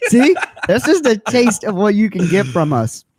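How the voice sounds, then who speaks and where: A man's voice: sits high, sing-song, moderate pace, darkish tone, a little hiss or hum. A young man co-hosting a casual podcast chat, joking and laughing often. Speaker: podcast co-host.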